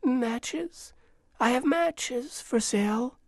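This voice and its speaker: A man's voice: extremely high pitch, level tone, drawn-out words, a bit bright, breathy edge, no room sound, studio quality, pitched above the performer's own voice, exaggerated voice. A man voicing a timid little match girl. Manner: timid, pleading. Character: small, poor, frightened young girl. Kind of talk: storybook reading.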